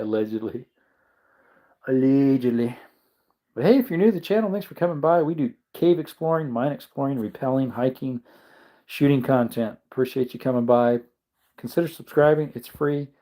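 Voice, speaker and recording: Tired male livestream host at mid pitch, yawning, loose and rambling as he reads the chat. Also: mellow. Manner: rambling, chuckling, musing aloud. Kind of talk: casual live chat, reading comments.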